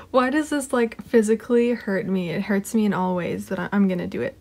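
A woman chatting casually at her desk while unboxing an album, excitable and giggly, often gushing and sometimes dropping to a whisper. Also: mid-range voice, normal speed, creaky. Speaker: unboxing vlogger. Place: home desk.

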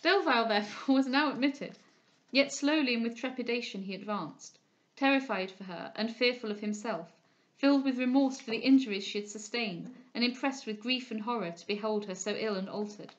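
A woman reading a classic novel aloud as an audiobook reader, with expressive, measured storytelling. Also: on the high side, muffled recording.

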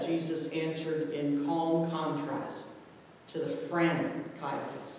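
A man narrating a scripture story in a measured, deliberate way at a church service. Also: a little high, little pitch movement, a little mellow, slight background noise. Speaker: scripture reader. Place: church sanctuary. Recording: echoey church hall from far off.

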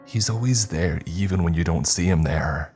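A man's voice: sits low, moderate pace, darkish tone, breathy edge, faint music behind. A man voicing a frightened young man who is losing his grip, panicked and pleading, breaking into screams, in a horror story. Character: frightened, unraveling young man haunted by a presence.

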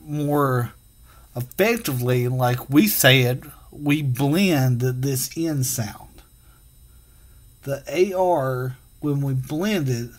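Man, teacher, phonics lesson for kids, slow and patient, sounds out each letter. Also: mid-range voice.

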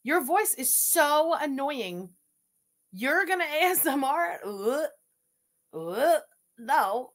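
A woman's voice: high voice, very animated, takes it slowly, pauses often. A woman giving sarcastic, swearing reaction commentary on a livestream. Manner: sarcastic, scathing, swears freely.

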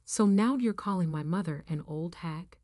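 A woman's voice: lowish voice, moderate pace, warm tone, dry recording, clean studio sound, lightly acted. A woman voicing a defensive adult man who pleads and demands, in her everyday voice.

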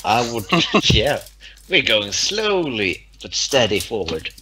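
A man's voice: fairly low pitch, very animated, slow pace, low-quality recording. A man with a Swedish accent playing at a game table, joking and defensive, laughing often. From Sweden. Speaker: player. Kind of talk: casual chat at a game table.

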